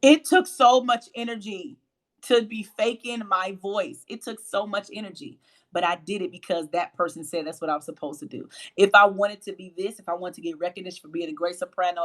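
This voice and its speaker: A woman with a low voice hosting a faith-based motivational livestream, emphatic and preachy, repeating phrases for emphasis. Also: fairly bright tone. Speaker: host and motivational speaker.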